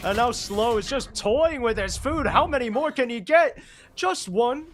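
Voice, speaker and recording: A man casting a live esports match, calling plays quickly and rising with excitement at big moments. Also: extremely high pitch, a little hiss or hum. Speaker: esports caster. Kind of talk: live play-by-play commentary.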